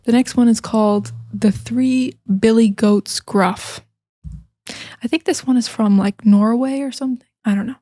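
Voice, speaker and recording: American lady teacher telling bedtime stories, chatty, lots of um and like, slips into whispers, mellow. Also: fairly high pitch, steady tone, moderate pace, no echo, clean studio sound. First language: English. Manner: chatty, many fillers, sometimes whispering. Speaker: English teacher. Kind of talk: casual storytelling for learners.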